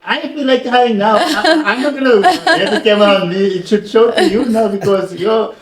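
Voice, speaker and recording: A man hosting a podcast interview in casual chat, chiming in with lively affirmations. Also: high voice, normal speed. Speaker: podcast host. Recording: roomy echo.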